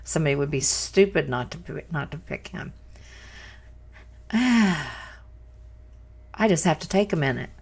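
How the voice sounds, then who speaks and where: A woman's voice: low voice, lively intonation, measured pace, creaky, pauses often, slightly rough. A woman hosting a reaction channel, exclaiming in amazement and stumbling over restarts as she talks into her microphone. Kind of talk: casual reaction commentary. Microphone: desk microphone.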